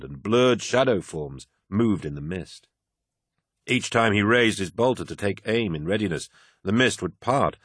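A man narrating an audiobook in a measured, grave manner. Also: on the low side, fairly bright tone, no room sound, studio quality.

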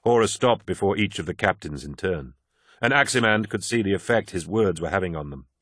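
A man reads an audiobook narration in a steady, measured way. His voice sits on the low side. The recording is close and dry, with no room sound. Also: slightly rough, no room sound. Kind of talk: scripted narration.

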